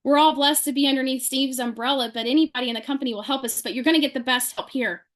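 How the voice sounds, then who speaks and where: High voiced woman telling a story to a group, does all the voices, really animated. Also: fast. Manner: lively, acts out quoted people in her story. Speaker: speaker sharing a testimonial.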